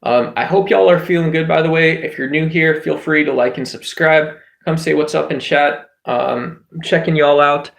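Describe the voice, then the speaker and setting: Guy rambling on a livestream, lots of likes and ums, gravelly voice. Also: fairly high pitch, steady tone, normal speed, hardly any pauses, a bit bright, reverberant. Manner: rambling, heavy on filler words and restarts. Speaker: livestream host. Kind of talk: casual livestream chat.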